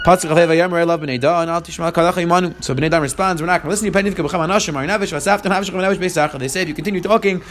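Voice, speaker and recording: A man's voice: a little high, very fast, few pauses, a bit bright, slight background noise. A man teaching a verse-by-verse text lesson, reading Hebrew verses aloud and then retelling them in casual English. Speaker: Torah teacher.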